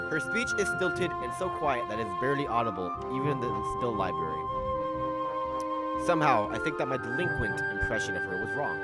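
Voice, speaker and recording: Animated man reading a game aloud. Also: mid-range voice, fast talker. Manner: animated, self-mocking, restarts lines. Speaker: let's play host. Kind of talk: reading a visual novel aloud with commentary. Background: game music.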